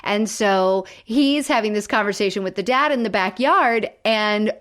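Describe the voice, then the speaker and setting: A woman co-hosting a podcast who retells a sitcom episode with animated storytelling, acting out the characters' lines and laughing often. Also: medium pitch, moderate pace. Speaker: podcast co-host. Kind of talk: casual chat recapping a sitcom episode.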